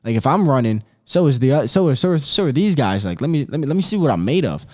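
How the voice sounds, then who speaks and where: A young man in his twenties talks on his own podcast in a relaxed, unscripted way. His speech is loose and rambling, full of slang and casual swearing, with "bro" and "dude" dropped in constantly. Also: mid-range voice, fast. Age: 20s. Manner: swears freely. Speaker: podcast host.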